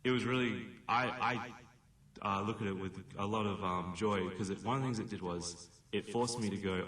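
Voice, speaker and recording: A man's voice: on the low side, moderate pace, fairly bright tone, reverberant, recorded from a distance. An Australian man from Perth, a filmmaker guest on a radio interview, talking earnestly with many fillers and restarts. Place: radio studio.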